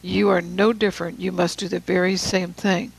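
A preacher giving a sermon, reading scripture with slow, deliberate emphasis and casual asides to the room. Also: mid-range voice, little pitch movement, creaky, husky, rough recording.

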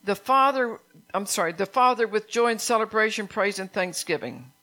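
A woman's voice: medium pitch, lively intonation, moderate pace, bright, forceful tone. Woman preacher giving a sermon, talky and fired up, keeps asking the church if they're with her. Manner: conversational, fervent preaching with call-outs to the congregation.

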